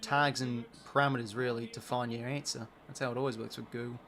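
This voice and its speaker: A man's voice: mid-range voice, flat delivery, quick pace, a bit bright. A young Australian man hosting a live sports watch-along, chatting casually and reacting to the play. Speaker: live stream host.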